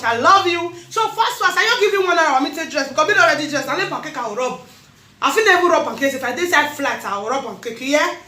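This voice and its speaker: A woman speaking Nigerian Pidgin English, giving a lively birthday shout-out to camera with frequent laughter. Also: sits high, roomy sound. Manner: animated, laughing often, rapid bursts. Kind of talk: excited casual monologue to camera.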